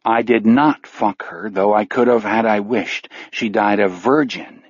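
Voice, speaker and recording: A calm, menacing killer's voice, flat and chilling, read by a male audiobook narrator. Low and unhurried. The sound is dull and close, with no room around it. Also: slightly rough, no room sound. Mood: cold. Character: menacing anonymous letter writer, cold and calm. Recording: dull, dry studio audio.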